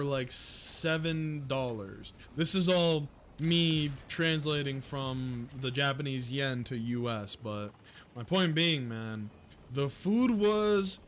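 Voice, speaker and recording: Slow-talking profane young man streaming. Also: a little high, slight background noise. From United States. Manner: profane, jokey, loud excited outbursts. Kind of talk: casual gameplay livestream commentary.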